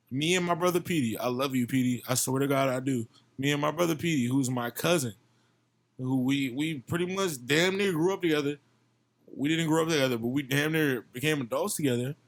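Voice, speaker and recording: A young man from Virginia, a musician guest on a podcast, talking in a passionate, profane casual chat and often repeating himself. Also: mid-range voice.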